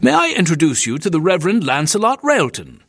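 A cheerful Victorian bathhouse owner makes brisk, friendly introductions, as a male reader puts him on. His pitch is lively. The recording is dry. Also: gravelly, dry recording, exaggerated voice.

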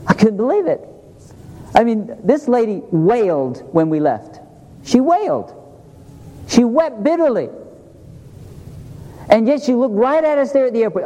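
A man's voice: very high voice, big pitch swings, unhurried, pauses often, warm tone. A middle-aged man preaching a sermon in a church, earnest, asking the congregation questions as he talks. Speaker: pastor. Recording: long hall reverb.

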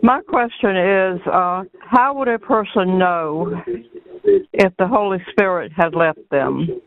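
A woman calling into a radio program, asking her question politely and slowly. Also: on the low side, a crowd in the background. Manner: polite, slow and hesitant. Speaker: caller. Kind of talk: phone call to a radio show. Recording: tinny phone line.

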